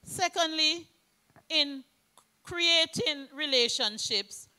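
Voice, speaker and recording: Woman preacher, high bright voice, deliberate emphatic sermon delivery. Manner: slow, emphatic preaching with scripture readings.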